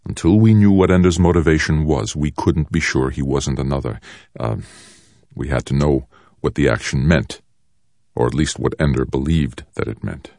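A man voicing a calm, stern military colonel who speaks in a measured, controlled way. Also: a bass voice, dry recording, clean studio sound. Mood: cool, stern.

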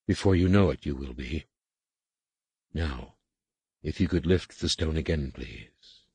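Cold commanding alien mistress, read by a man, brusque and clipped, very deep, husky, dry close sound. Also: a little slow, darkish tone, no room sound, full character voice. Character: stern alien female master scientist, cold, commanding.

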